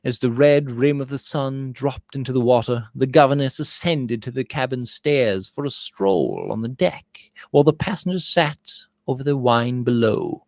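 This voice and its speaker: A man's voice: sing-song, normal speed, hardly any pauses, no room sound. Guy reading a victorian novel, voice goes all over the place, dry close sound. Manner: voices dialogue with rising pitch and volume. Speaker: audiobook reader.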